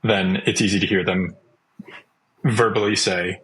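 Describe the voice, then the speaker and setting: A young man with a lowish voice talks casually and chattily. He fills his speech with "like" and acts out little quotes as he goes. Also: steady tone, a little slow, a bit bright, rough recording. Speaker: guest. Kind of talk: casual interview talk.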